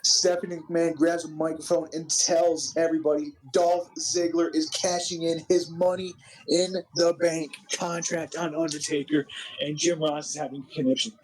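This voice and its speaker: A man narrating a wrestling simulation game with an excited play-by-play recap, animated and full of restarts. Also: a little high, slight background noise, rough recording. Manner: animated, quick, with frequent restarts.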